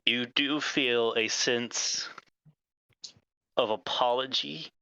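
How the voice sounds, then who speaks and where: A man's voice: medium pitch, fairly even intonation, slow pace, bright, forceful tone, clear, resonant tone, no echo, rough recording. A man running a tabletop game as game master, describing scenes and calling for dice rolls.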